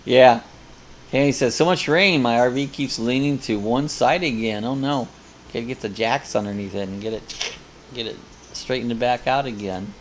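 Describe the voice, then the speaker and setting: A man's voice: mid-range voice, moderate pace, slight background noise. An older man hosting a live coffee chat, casually reading viewer comments aloud and rambling between them.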